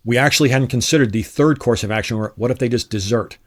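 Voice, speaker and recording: Middle-aged man, retired officer, lively storyteller with a mid-range voice who voices the people in his anecdotes, relaxed interview delivery. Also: medium pitch, fast. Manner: animated storyteller who acts out quoted dialogue. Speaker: retired Army Special Forces officer, guest.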